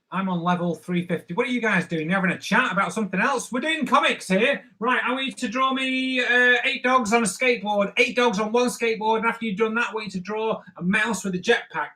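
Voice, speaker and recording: A man's voice: high-pitched, pushed and bright, poor audio. A man who makes comics hosts a live drawing stream, chatting playfully and cracking jokes as he sketches viewers' requests. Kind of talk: live draw-along chat.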